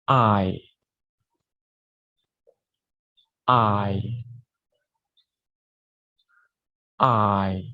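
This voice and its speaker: A young man, a student, leading a pronunciation drill with slow, deliberate repeat-after-me delivery. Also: medium pitch, highs cut off. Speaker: student giving a pronunciation lesson.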